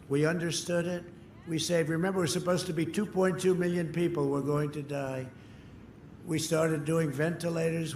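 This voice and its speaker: Older man, rally speaker, high-pitched voice, boastful and repetitive, booming echo over faint crowd noise. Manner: repetitive, boastful, swings from shouting to mutters. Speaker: political candidate at a rally. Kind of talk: rally speech. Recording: echoey open-air PA sound, faint crowd noise.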